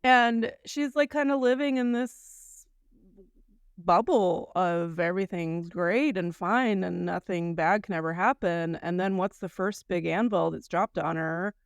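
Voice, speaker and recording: A woman in her thirties from the United States, co-hosting a casual podcast and retelling a story with lively acted-out asides. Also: lowish voice, unhurried, smooth, no echo, studio quality. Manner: animated storyteller, acts out quoted lines. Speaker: podcast co-host.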